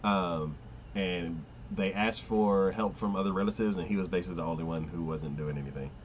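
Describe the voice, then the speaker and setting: A man's voice: sits low, brisk, dull audio, a little hiss or hum. A man casually recapping an anime episode, rambling with many fillers, often laughing and acting out lines. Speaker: anime podcast host.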